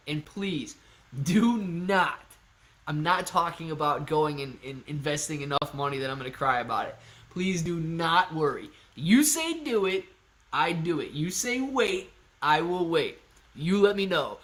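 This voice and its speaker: A man hosting a live stream, chatting casually and excitably with his viewers and thinking out loud. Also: a little high, normal speed. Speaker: livestream host answering chat.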